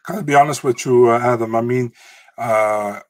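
A man co-hosts a podcast in loose, casual chat. He hesitates often and restarts his sentences, and his voice sits in an ordinary middle pitch. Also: moderate pace, no echo. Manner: hesitant, many fillers and restarts, laughs easily. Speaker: podcast co-host.

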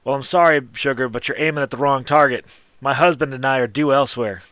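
A man's voice: on the high side, expressive, moderate pace, a bit bright, dry recording, studio quality, voice pushed up. A man doing a coy dragon lady. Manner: flirty, teasing drawl, calls people sugar. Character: coy, proud female dragon craftswoman.

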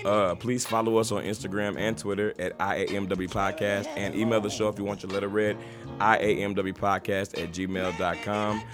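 A man's voice: lowish voice, little pitch movement, music in the background. A man hosting a podcast, chatting casually and joking, then reading the show's sign-off. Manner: fast, laid-back and joking. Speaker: podcast host. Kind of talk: casual chat.

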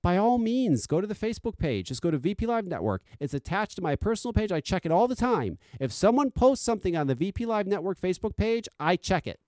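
A man hosting a casual solo podcast, blunt and profane, swinging between loud insistence and quiet, confiding asides. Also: high voice, sing-song, fast, few pauses, no echo, clean studio sound. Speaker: podcast host.

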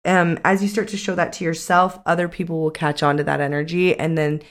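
A woman's voice: low voice, little pitch movement, brisk. A young adult woman co-hosting a casual podcast chat as a coach, talking in a chatty way with many "like" fillers.

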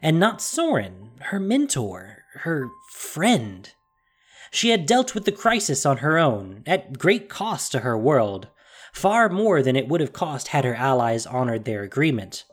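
Expressive story narrator, lots of pitch movement, dramatic audiobook read. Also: measured pace, breathy edge, faint music behind.

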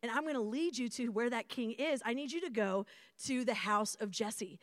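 God speaks here, calm and purposeful, plain and reassuring, in a high voice that stays close and dry, as a woman preacher puts him on in her sermon. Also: normal speed, dry recording, close to an everyday voice.

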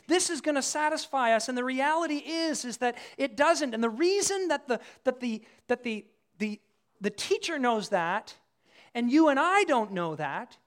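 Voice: high voice, fairly bright tone. A preacher giving a casual, conversational sermon at a church service, acting out quotes in different voices.

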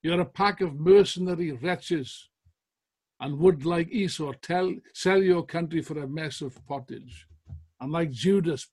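A man acting out a furious puritan general, denouncing an assembly in slow, booming, scornful declarations. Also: slightly rough, exaggerated voice.

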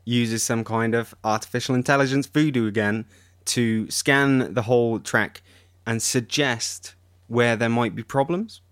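A man's voice: mid-range voice, steady tone, unhurried, fairly bright tone, no echo. Podcast co-host, man, dry close sound, chatty and keen. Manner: chatty, enthusiastic, explains with examples. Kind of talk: casual tech chat.

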